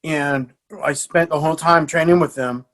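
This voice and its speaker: Guesting on a podcast, a middle-aged jiu-jitsu coach from the USA tells casual stories in a slightly high voice at a moderate pace. He's animated, laughs frequently, swears without holding back, and often restarts.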